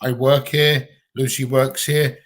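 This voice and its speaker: A man's voice: mid-range voice, little pitch movement, slow. A man with a Gibraltarian accent, chatting bluntly and casually on a livestream Q&A from home, swearing freely. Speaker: livestream co-host.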